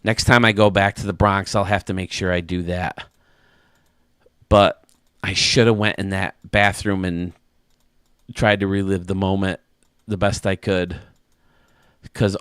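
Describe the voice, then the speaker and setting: Animated chuckling male storyteller. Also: deep voice, clean tone, dry recording, studio quality. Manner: animated, chuckling anecdote-teller. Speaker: gaming channel host. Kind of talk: casual storytelling to camera.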